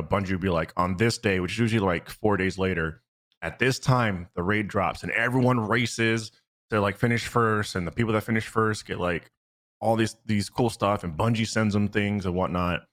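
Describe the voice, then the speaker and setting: A man co-hosting a podcast, telling stories in a rambling, animated casual chat full of fillers. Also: lowish voice. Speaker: podcast co-host.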